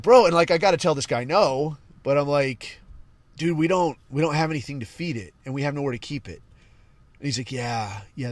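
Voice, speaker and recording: A man's voice: fairly high pitch, dry recording. A man casually telling a war story on a podcast, swearing constantly and acting out the voices of the people in it. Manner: profane, animated, acts out quoted voices.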